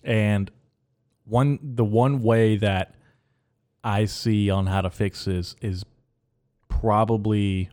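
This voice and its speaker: A man hosting his own podcast, talking alone in a casual, rambling way and telling absurd jokes with a deadpan delivery. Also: lowish voice, slow, long pauses. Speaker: podcast host. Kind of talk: solo comedic podcast monologue.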